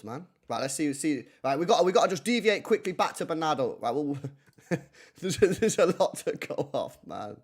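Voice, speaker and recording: Excitable man reacting live. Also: fairly high pitch, normal speed. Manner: animated, repeats himself, slangy. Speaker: football reaction streamer.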